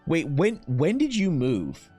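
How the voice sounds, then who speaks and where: A man's voice: on the high side, huge pitch swings, slow, warm tone, breathy edge, faint music behind. A young Canadian man chatting casually on a live stream, joking and swearing as he reads out and answers chat questions. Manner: profane, joking, reading chat aloud. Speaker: streamer and artist.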